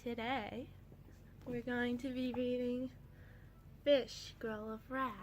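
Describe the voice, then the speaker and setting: A woman in her twenties reading her old comics aloud to her cat, casual chat with a deadpan, wry manner. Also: a little high, takes it slowly, slight background noise.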